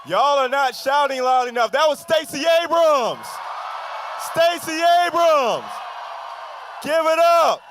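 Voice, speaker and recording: A man's voice: very high-pitched, expressive, takes it slowly, noisy background. A man emceeing an outdoor rally, hyping up the crowd and introducing speakers. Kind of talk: rally announcing.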